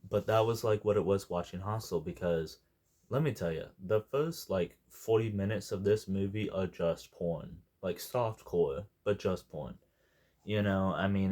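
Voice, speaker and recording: A man's voice: low-pitched, dark tone. A young man giving a casual, unscripted movie review, rambling and jokey and wandering off on tangents.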